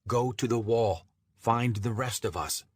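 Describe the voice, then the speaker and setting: Audiobook: a man doing an insistent disembodied male shard, voice pitched up and pushed louder, slightly husky. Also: a little slow, no room sound, clean studio sound. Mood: commanding. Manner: insistent, urgent questioning. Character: disembodied male personality shard, urgent and commanding.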